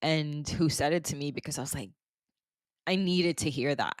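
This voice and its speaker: A woman's voice: low voice, normal speed, no echo, clean studio sound. A woman hosting a podcast, talking in a candid, rambling way full of "like" and "basically". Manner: rambling, candid, heavy use of fillers like "like" and "basically". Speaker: podcast host. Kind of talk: casual chat.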